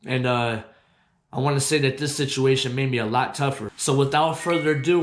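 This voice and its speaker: A young man hosting his own show, telling a story from his childhood in casual, profane, animated talk that gets loud when he quotes himself. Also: medium pitch, fairly quick, reverberant, faint music behind. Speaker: host.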